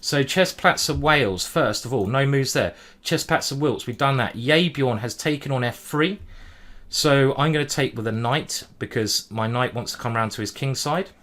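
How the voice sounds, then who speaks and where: A man streaming a simultaneous chess display, thinking aloud move by move in a hurried way and humming as he ponders. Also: medium pitch, fairly bright tone. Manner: hurried, juggling many boards. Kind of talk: live-stream chess commentary.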